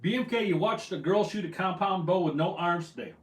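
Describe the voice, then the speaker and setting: A man's voice: high-pitched, brisk. A man hosting a casual fishing livestream, reading out viewer comments in a rambling, self-deprecating way. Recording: echoey room, voice from afar.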